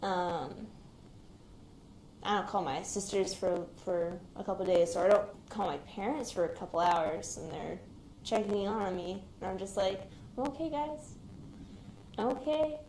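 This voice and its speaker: A woman's voice: fairly low pitch, fairly even intonation, moderate pace. Hesitant young woman in a roomy space. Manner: hesitant, reflective, quiet-spoken. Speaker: shooting survivor, active military member. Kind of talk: recounting a personal experience in an interview. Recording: roomy recording with faint background noise.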